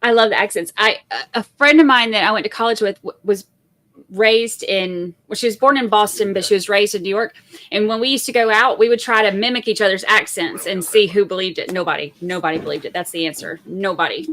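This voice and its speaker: A woman's voice: mid-range voice, fairly quick, a bit bright. Chatty Southern woman commentator. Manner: chatty, storytelling. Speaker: trial commentary host. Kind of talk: casual chat.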